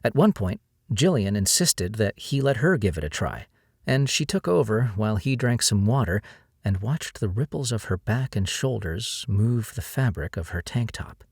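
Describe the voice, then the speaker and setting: A male audiobook narrator with a low voice reads a novel in a steady storytelling manner. The recording is dry and close, with no room sound around him. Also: moderate pace, breathy edge, dry recording. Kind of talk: scripted narration.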